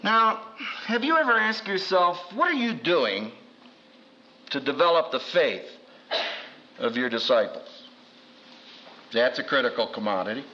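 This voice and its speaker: A man's voice: measured pace, pauses often, muffled recording. A man, a seminary professor, teaching from the Bible with wry humor, acting out quotes with big swings in his voice. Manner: animated storyteller who acts out quotes with big pitch jumps. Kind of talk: lively Bible teaching to an audience.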